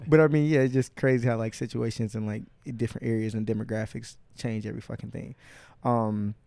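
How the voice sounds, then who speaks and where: Gravelly fast-talking podcast host. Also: male voice, mid-range voice, dry recording. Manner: profane, animated storytelling with put-on quotes. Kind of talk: casual podcast chat.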